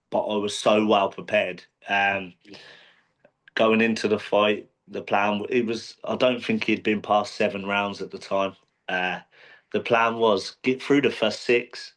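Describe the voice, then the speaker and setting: A professional boxer being interviewed, talking casually with many restarts and fillers. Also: male voice, lowish voice, steady tone, a little slow, fairly bright tone. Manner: rambling, frequent restarts and fillers.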